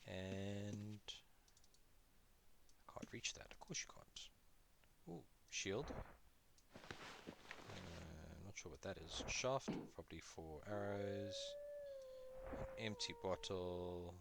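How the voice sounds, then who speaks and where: A man's voice: low voice, huge pitch swings, slow pace, creaky, pauses often, very noisy. A man chatting casually through his gameplay, joking at himself and talking to the creatures he fights. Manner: chatty, self-deprecating, talks to the game's creatures. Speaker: gaming video host.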